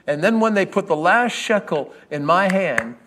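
An actor playing an earnest, grieving first-century lamb merchant in a dramatic first-person monologue, swinging from loud proclamation to hushed whispers. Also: male voice, sits high, expressive, moderate pace, a little hiss or hum. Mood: animated. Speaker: actor in a Bible character monologue.

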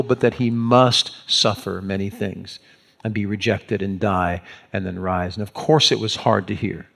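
A pastor preaching an animated sermon, acting out the scenes as he tells them. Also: fairly low pitch, creaky.

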